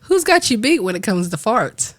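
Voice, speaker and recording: A woman co-hosting a casual chat show, playful and quick to laugh, using slang. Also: fairly high pitch, sing-song. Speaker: co-host.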